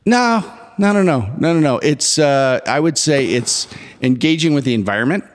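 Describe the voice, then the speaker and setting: A man's voice: on the high side, moderate pace. A man in his forties co-hosting a podcast, chatting casually and acting out movie scenes as he retells them. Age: 40s. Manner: animated storyteller, acts out movie scenes. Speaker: podcast co-host. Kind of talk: casual chat. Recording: long hall reverb.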